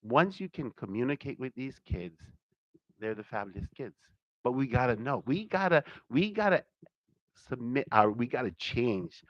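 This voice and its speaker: A man's voice: mid-range voice, moderate pace, no room sound. A man, a cultural teacher giving a casual storytelling talk and acting out the voices of people he quotes. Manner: animated, acts out quoted voices. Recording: dull lo-fi dry sound.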